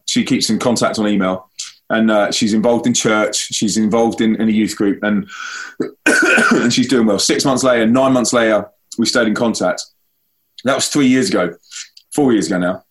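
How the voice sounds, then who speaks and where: A young man from a Christian band, telling a long story to a school audience and acting out the voices in it. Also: normal speed. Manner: animated, acts out quoted voices with big pitch leaps. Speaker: Christian band member giving a school talk. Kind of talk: storytelling speech.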